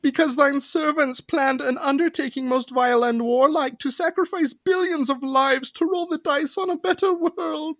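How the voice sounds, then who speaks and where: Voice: high voice, steady tone, normal speed, few pauses, fairly bright tone, dry recording, studio quality, pitched above the performer's own voice. A podcaster voicing a male cannibal murderer who confesses in overwrought mock-archaic speech. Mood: confessing. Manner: overwrought mock-Shakespearean, breaking into laughs.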